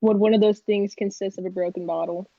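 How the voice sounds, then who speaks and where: A woman's voice: mid-range voice, fairly even intonation, a little fast, gravelly, no room sound. Woman player on a dull, dry line. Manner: rambling, filler-heavy talk. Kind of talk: tabletop role-play.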